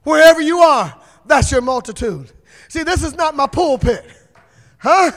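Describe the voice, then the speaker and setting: A man preaching a Pentecostal sermon with a strikingly high voice. He rises into chanted shouts and falls to hushed prayer, breaking into tongues. The sound rings in a long, echoing church hall. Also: animated, a little slow. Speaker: pastor. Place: church sanctuary.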